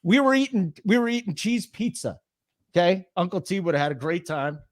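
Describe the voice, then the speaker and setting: A middle-aged man co-hosting a casual sports podcast, telling stories in an animated way and swearing freely. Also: high-pitched, brisk. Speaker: podcast co-host.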